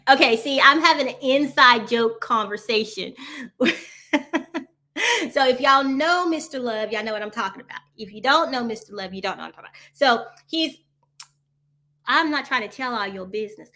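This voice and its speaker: A woman's voice: a little high, normal speed, bright, forceful tone. A woman hosting a casual live coffee chat, rambling from topic to topic, laughing often and answering viewers directly. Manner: rambling, chatty, jumps between topics and answers viewer comments; laughs often, talks straight to viewers as y'all.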